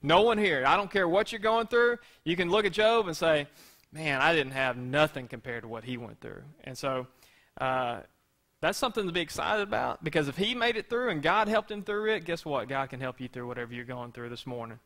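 A pastor delivers a sermon in an easy, conversational way and keeps asking the congregation rhetorical questions. His voice is bright and forceful and sits a little high. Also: animated, brisk.

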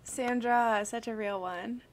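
Young female streamer, slightly high voice, bubbly and gushing, casual livestream chat greeting viewers. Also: fairly even intonation, slow pace, a little hiss or hum. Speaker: streamer solving crosswords.

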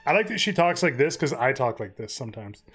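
A man's voice: medium pitch, very animated, brisk, a bit bright, husky, faint music behind. A man streaming a game, giving joking, crude commentary and laughing at the dialogue. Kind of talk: casual let's play commentary.

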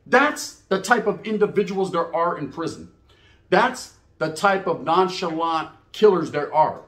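A man's voice: on the high side, expressive, normal speed, a bit bright, roomy sound. A man telling prison stories in a casual, profane, slang-heavy monologue, laughing at his own tales. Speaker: storyteller recounting prison life.

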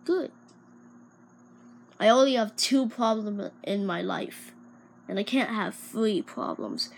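A woman's voice: mid-range voice, takes it slowly, gravelly. A woman playing a cruel knife-happy villain boss. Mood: menacing. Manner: menacing, mocking threats. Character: cruel stabbing villain boss, threatening and bossy.

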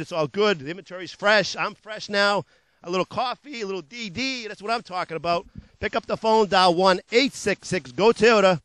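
A man hosting a local TV car sales show, pitching cars in upbeat, repetitive patter and joking about his own slips of the tongue. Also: animated, normal speed, fairly bright tone, no room sound.

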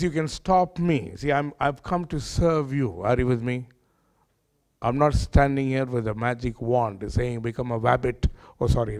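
A man's voice: mid-range voice, darkish tone. A man preaching a sermon in a church hall, earnest and conversational, often putting questions to his audience.

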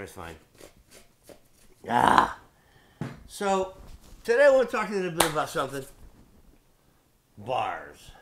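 A man's voice: medium pitch, a little hiss or hum. A man from Belleville, Illinois, hosting his video blog in a loose, profane, rambling monologue full of tangents. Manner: loose, beer-drinking delivery. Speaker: video blogger host.

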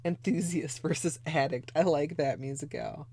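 A woman's voice: deep voice, normal speed, few pauses, warm tone, slightly rough. A woman hosting a casual nail polish livestream from her bedroom, rambling chattily with lots of fillers as she answers viewers' chat. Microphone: desk mic, moves away from it at times.

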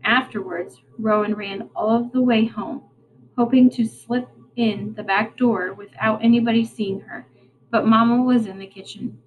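A woman reading a children's novel aloud in a steady, plain storytelling way. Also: a little high, normal speed, a little hiss or hum, poor audio. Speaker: reader.

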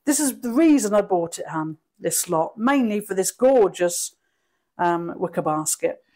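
A woman's voice: medium pitch, animated, a little slow, a little mellow. A woman co-hosting a casual unboxing chat, upbeat and talkative, often cheering. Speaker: reseller channel co-host.

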